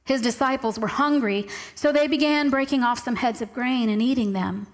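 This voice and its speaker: A woman with a high voice delivers a sermon to a congregation. She reads scripture aloud and slows down to stress key words. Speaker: preacher.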